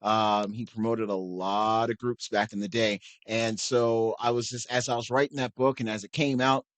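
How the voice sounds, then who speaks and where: A man's voice: fairly low pitch, level tone, moderate pace, fairly bright tone, no room sound. A middle-aged man hosting a podcast, talking to listeners in a rambling, folksy monologue full of fillers and restarts. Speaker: podcast host.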